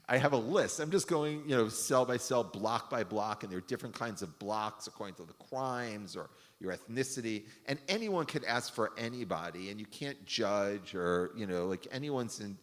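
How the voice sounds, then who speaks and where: A low-voiced man talks as a rabbi, telling a story in a loose, rambling way. He uses lots of fillers and corrects himself as he goes. His voice carries the long reverb of a synagogue hall. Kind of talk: casual storytelling talk.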